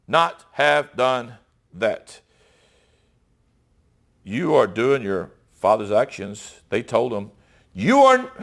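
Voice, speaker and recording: A middle-aged man preaching in a fairly high voice. He reads Bible verses aloud and explains them in a conversational, emphatic style, often stopping to ask his listeners rhetorical questions. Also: a bit bright. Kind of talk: sermon with Bible reading.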